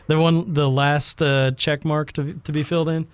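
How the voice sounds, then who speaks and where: A man's voice: fairly high pitch, little pitch movement, moderate pace, smooth. A man co-hosting a podcast in casual chat who laughs often and swears casually. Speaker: podcast co-host.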